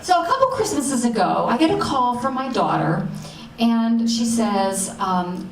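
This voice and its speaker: A middle-aged woman telling a personal story at a live show, animated and self-mocking, acting out the people in it. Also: a little high, measured pace, a little hiss or hum. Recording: roomy hall sound, distant mic, faint ambience.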